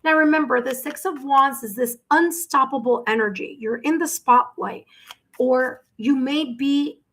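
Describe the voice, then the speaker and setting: Lady tarot reader on a live stream, kinda high voice, lots of wows and thank-yous to viewers. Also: unhurried, fairly bright tone. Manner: effusive, exclaims and thanks viewers by name.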